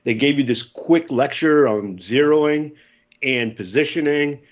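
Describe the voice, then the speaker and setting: A man in his fifties from the United States, a podcast guest telling lively war stories and acting out the voices. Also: mid-range voice, unhurried, highs cut off. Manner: animated storyteller, acts out voices, laughs often. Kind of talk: casual storytelling.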